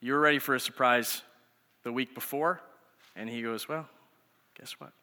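This sermon comes from a thirtysomething youth pastor who preaches by telling stories conversationally. He speaks at normal speed in a steady, sharp, mid-range voice, and the hall gives the audio an echoey reverb.

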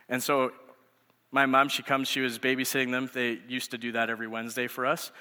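A man's voice: medium pitch, completely flat delivery, fairly quick, bright, forceful tone, smooth. A man in his thirties, a youth pastor, giving a sermon through conversational storytelling. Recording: echoey hall reverb.

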